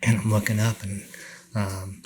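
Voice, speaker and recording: A middle-aged man telling a story on a podcast, animated, acting out the people he quotes. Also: lowish voice, a little slow, slight background noise. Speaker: podcast guest. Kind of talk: casual storytelling.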